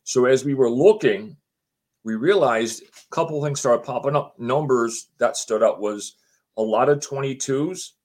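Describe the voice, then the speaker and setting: A middle-aged man at an everyday pitch, telling a personal story in a loose, talky way. He keeps restarting his sentences and acts out each conversation, switching between himself and the people he met. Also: normal speed, a little mellow. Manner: retells conversations line by line, acting out the other people; chatty, often says "she goes" and restarts his sentences. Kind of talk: casual spoken anecdote.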